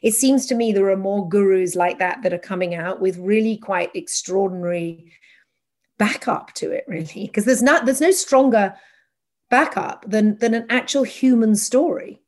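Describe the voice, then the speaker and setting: A middle-aged English woman from England hosting a casual interview, telling stories with laughs and quick restarts. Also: mid-range voice. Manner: animated storyteller, laughing, trailing restarts.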